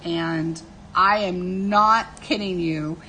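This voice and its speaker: Slow-talking middle-aged woman live streamer. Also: lowish voice, fairly even intonation, bright, forceful tone, a little hiss or hum. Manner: chatty storytelling, answering viewers' comments; laughs often while telling stories. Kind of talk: casual live-stream chat.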